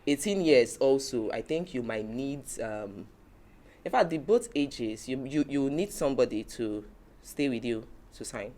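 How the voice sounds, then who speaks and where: A woman's voice: extremely low pitch, animated, unhurried, dark tone. A woman hosting a casual talk show, explaining points from her notes. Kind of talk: casual panel chat.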